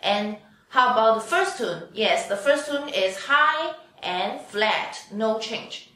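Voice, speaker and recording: Leading a slow pinyin drill session, a woman who teaches Chinese draws out every sound patiently for her students to repeat. Her voice is fairly high, bright and forceful, with lively intonation. She's off mic in a very echoey room.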